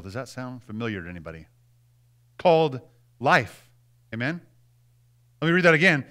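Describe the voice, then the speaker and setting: A man preaching a sermon as pastor in a church, conversational, often asking the congregation questions and swinging his pitch and loudness for emphasis. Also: very animated, normal speed, pauses often. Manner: dramatic shifts in pitch and volume for emphasis. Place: church sanctuary.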